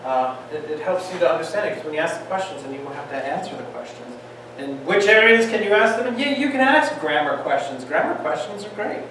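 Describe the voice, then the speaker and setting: High-voiced man lecturing in an echoey room. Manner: lively, joking, fires off rhetorical questions. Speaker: Bible teacher. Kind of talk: classroom lecture. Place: classroom. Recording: echoey room, distant mic, faint hiss.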